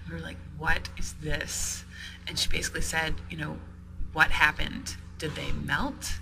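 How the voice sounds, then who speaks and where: A man, a shop owner being interviewed, recounting events in a halting way with many ums and restarts. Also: a little high, flat delivery, gravelly, music in the background. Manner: storytelling with frequent ums and restarts. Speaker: sex toy store owner. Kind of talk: interview storytelling. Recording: noisy podcast recording.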